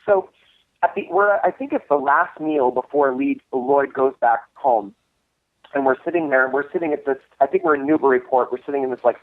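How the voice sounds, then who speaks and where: A man with a fairly high voice, recorded dry over a tinny, phone-like line, co-hosts a cult film screening series. In a casual interview he tells a long, rambling story, restarting often and using many fillers.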